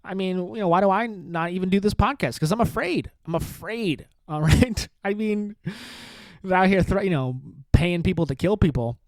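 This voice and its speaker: A man's voice: high voice, normal speed, darkish tone, dry recording. A man hosting his own podcast, talking alone in a sarcastic, provocative, rambling way. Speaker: podcast host. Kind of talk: solo comedic podcast rant.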